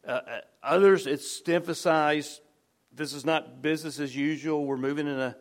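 A man preaching a sermon in a conversational way, restarting phrases often and dropping to soft, low tones on key words. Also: fairly even intonation, moderate pace. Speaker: pastor.

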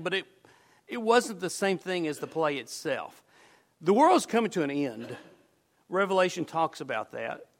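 Gravelly, emphatic man preaching a sermon. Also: a bit bright. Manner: earnest, emphatic, drops to a low murmur on key words.

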